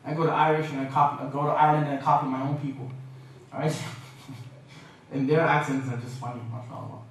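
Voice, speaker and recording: A man's voice: on the high side, fast talker, a little hiss or hum. Canadian-raised man lecturing in an echoey hall. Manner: lively, humorous, mimics accents. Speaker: guest speaker. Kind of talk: lecture with jokes. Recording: echoey hall, mic from a distance.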